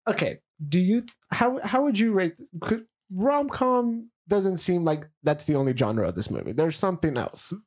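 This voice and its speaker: Low-voiced woman, halting casual talk. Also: sing-song, darkish tone. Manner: hesitant, restarts, laughs often. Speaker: podcast co-host. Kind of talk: casual chat.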